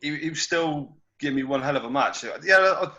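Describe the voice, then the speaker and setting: A man's voice: on the high side, a little fast, sharp tone. Hesitant man, dull lo-fi sound. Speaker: wrestler guest. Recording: dull lo-fi audio.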